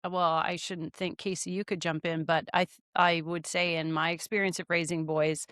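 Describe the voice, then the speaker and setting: A woman's voice: fairly low pitch, flat delivery, normal speed, a bit bright, dry recording. A woman co-hosting a podcast, chatting playfully and bantering with her guests. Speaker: podcast co-host. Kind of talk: casual chat.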